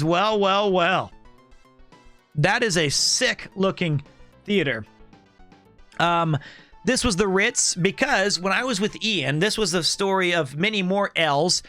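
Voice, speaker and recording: A young man hosting a stream, telling a rambling, joking story in a casual, animated way. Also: high-pitched. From United States. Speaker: streamer host.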